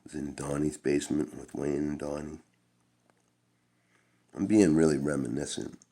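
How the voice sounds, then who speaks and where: A man's voice: a bass voice, level tone, moderate pace, mellow. A middle-aged man telling a long-winded, profane personal story in a laid-back, rambling way. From Canada.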